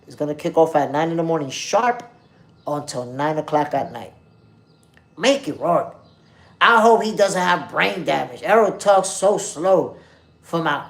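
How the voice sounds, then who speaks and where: Gravelly-voiced boxing stream host. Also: male voice, high voice. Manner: loose slangy street talk, addresses chat directly. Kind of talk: casual live-stream chat reading comments.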